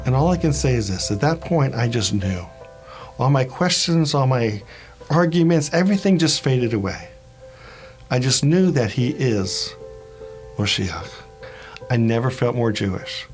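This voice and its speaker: A man's voice: medium pitch, expressive, a little slow, soft background music. A man in his fifties giving a personal faith testimony in an earnest, reflective way, with the odd filler.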